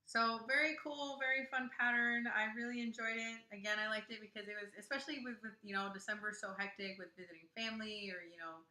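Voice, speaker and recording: A woman's voice: a little high, steady tone, fast talker, few pauses, sharp tone, reverberant, rough recording. A woman co-hosting a casual podcast, easygoing and laughing along, often restarting her sentences. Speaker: podcast co-host. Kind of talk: casual chat.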